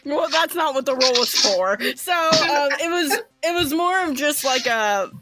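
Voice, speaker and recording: A woman's voice: sits high, animated, measured pace, very noisy. A woman narrating a tabletop game as game master, casual and laughing, with some swearing.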